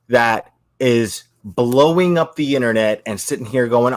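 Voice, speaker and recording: A man on his own stream, profanely ranting and calling out other creators, slow and emphatic. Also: medium pitch, animated, a bit bright, no room sound, studio quality. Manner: profane, repetitive, confrontational. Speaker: YouTube creator. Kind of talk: angry livestream rant.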